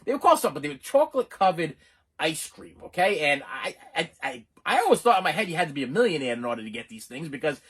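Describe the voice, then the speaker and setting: Middle-aged man, rambling storyteller, husky, very lively pitch; quick talker. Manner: rambling, animated, lots of restarts. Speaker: channel host. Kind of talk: casual storytelling.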